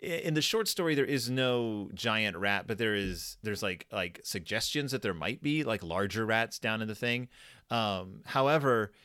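Lively man chatting about horror films. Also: on the low side, moderate pace, clean tone, no room sound, clean studio sound. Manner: rambling, laughing, many restarts and fillers. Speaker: podcast co-host. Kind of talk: casual chat reviewing a horror episode.

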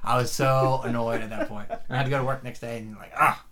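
A man's voice: medium pitch, a little fast. A young man hosting a casual podcast chat, laughing and swearing as he tells stories. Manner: laughing, swearing, animated storytelling. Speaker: podcast host.

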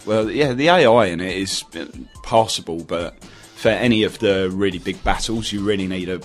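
Halting man with a lowish voice. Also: faint music behind. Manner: hesitant, halting, with many fillers and restarts. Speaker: podcast co-host. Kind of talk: casual gaming podcast chat.

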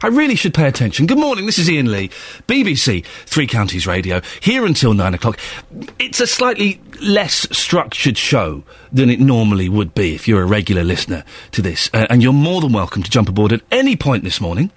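A man's voice: medium pitch, sing-song, a little fast, no room sound. A man in his thirties with a London accent, presenting a casual morning radio show with wry, self-mocking chat. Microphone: studio microphone.

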